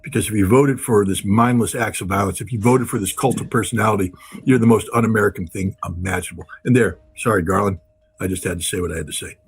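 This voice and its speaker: A man's voice: lowish voice, fast, husky. A man giving impassioned, blunt political commentary as a guest, repeating phrases for emphasis.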